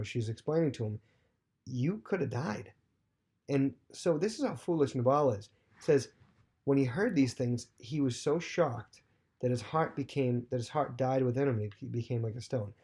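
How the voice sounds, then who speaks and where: Mellow-voiced man teaching a Bible lesson. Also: mid-range voice, normal speed, breathy edge. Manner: loose retelling with many fillers.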